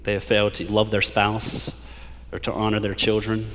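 A man preaching a sermon as a pastor, building to emphatic peaks and slowing down to read scripture aloud. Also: on the low side, completely flat delivery, fairly bright tone, big-room sound, slight background noise. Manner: preaching with rising emphasis, drawn-out scripture quotes. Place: church sanctuary.

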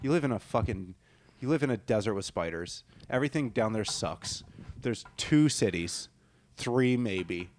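A man's voice: on the low side, lively intonation, moderate pace. A man co-hosting a podcast who talks casually, swears a lot and works himself up into rants. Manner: profane, ranting, gets worked up. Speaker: podcast co-host.

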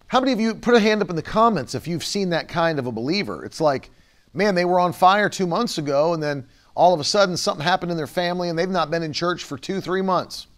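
High-voiced, emphatic male preacher. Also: expressive, fast, fairly bright tone. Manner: emphatic, repeats key phrases, acts out quoted voices. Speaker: pastor. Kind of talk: sermon.

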